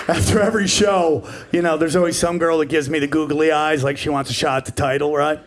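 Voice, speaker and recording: Man, forties, stand-up comedian, high voice, brash, profane, shouts punchlines, faint room hum. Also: steady tone, moderate pace. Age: 40s. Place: comedy club stage in front of a live audience.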